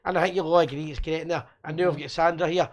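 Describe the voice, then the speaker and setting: Fast-talking Scottish man joking around. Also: a little high, steady tone. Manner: joking, rambling and boisterous. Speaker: host. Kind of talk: casual live-stream banter.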